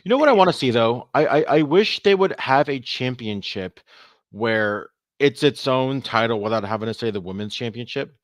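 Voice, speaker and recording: Male podcast co-host, mid-range voice, animated and rambling with lots of stammering, dry close sound. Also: mid-range voice, moderate pace, dry recording. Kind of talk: casual podcast chat.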